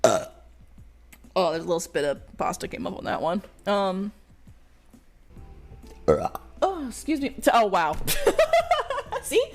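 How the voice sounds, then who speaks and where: A woman's voice: lowish voice, big pitch swings, slow pace, pauses often, soft background music. A woman streamer in casual livestream chat who burps between lines, giggles a lot and swears casually.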